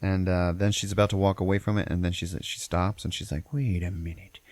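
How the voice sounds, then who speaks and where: Deep voiced guy on a podcast, cussing a lot while he retells a movie, dry close sound. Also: little pitch movement, brisk, a little mellow, dry recording. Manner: profane, rambling storyteller. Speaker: podcast host. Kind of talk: casual movie recap.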